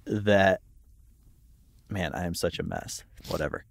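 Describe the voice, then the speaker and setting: A man's voice: sits low, a little slow, creaky, no room sound. A man co-hosting a podcast, speaking in an earnest, self-reflective way. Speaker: podcast co-host. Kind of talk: reflective conversational talk.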